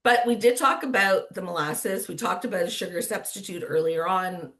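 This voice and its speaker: A woman's voice: fairly low pitch, moderate pace, a bit bright. A woman with a Canadian accent moderating an online cooking class in a chatty, upbeat way, laughing often. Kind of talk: casual livestream chat.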